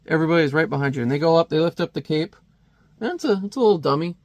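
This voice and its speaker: A man's voice: a little high, expressive, fast talker, a little mellow, dry recording. Chatty man reviewing a comic. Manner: chatty, wry, many fillers.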